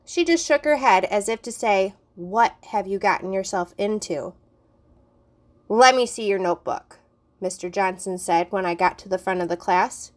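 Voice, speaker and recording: An adult woman reading a children's chapter book aloud, narrating clearly and expressively. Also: medium pitch. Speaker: storybook reader.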